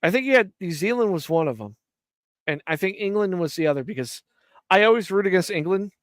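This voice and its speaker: A man's voice: high-pitched, lively intonation, a little fast, dry recording, studio quality. A man from Ireland hosting a live stream, chatting casually in rambling, profane, jokey rants. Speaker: stream host.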